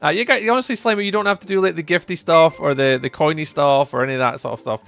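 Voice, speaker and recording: A man's voice: fast, creaky, a bit bright. A young Scottish man chatting casually on a live stream, reading and answering viewer messages. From Scotland. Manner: chatty, jumps high when greeting viewers. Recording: faint music behind.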